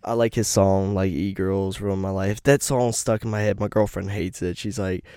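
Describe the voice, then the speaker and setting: A man's voice: fairly even intonation, normal speed, dark tone, smooth, no room sound. A man hosting a podcast in casual chat, laid-back and laughing often. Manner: laid-back, laughs often, drops into deep put-on voices. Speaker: podcast host.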